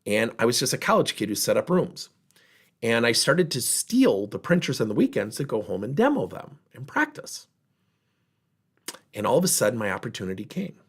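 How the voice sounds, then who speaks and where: A man's voice: mid-range voice, normal speed, slightly rough. A man giving a motivational workshop talk, telling stories and acting out the people in them. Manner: animated storyteller, voicing others in dialogue. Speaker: workplace trainer and speaker.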